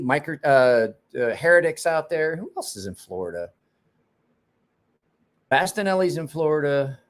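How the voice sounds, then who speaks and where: A man hosting a knife live stream, casually telling stories with lots of swearing and laughter, then answering viewer chat off the cuff. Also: on the high side.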